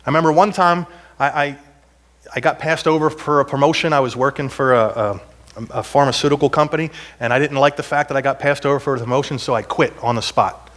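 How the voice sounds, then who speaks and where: A man's voice: mid-range voice, fairly even intonation, fast, a bit bright. Middle-aged pastor guy preaching in church, chatty and self-deprecating, gets emphatic. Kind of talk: sermon with personal stories. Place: church sanctuary.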